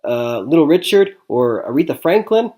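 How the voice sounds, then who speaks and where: A man putting on a loud, crass Italian-American driver. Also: a little high, sing-song, normal speed, voice pushed up. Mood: boisterous.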